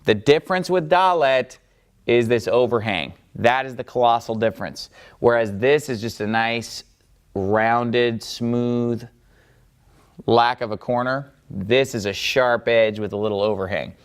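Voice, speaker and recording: A man's voice: mid-range voice, unhurried, clean tone. A man teaching a Biblical Hebrew lesson step by step at a board, patiently checking in with his students. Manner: patient, checks in with "okay?" and "all right?".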